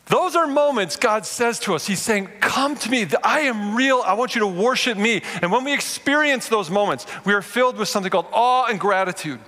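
A man in his forties preaching a sermon to a live audience, telling stories in an animated way and speaking to them directly. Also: high voice, a little fast, few pauses. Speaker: pastor. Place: large room before a live audience. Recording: long reverb of a large hall.

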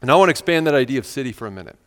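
A man's voice: mid-range voice, expressive, racing, fairly bright tone, big-room sound. A man preaching a sermon in a church, talking in a conversational, earnest way with many rhetorical questions. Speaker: pastor. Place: church sanctuary.

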